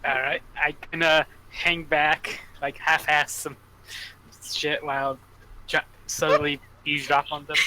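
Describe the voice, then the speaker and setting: A man's voice: on the high side, level tone, measured pace, sharp tone, slight background noise, low-quality recording. A young man playing a tabletop game, casual and joking, half in character. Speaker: player.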